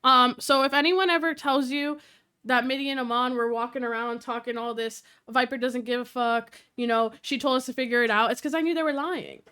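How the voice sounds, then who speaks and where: Animated high bright young woman streamer. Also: clear, resonant tone. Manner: animated, swearing, quick storytelling with quoted voices. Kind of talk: casual live-stream chat.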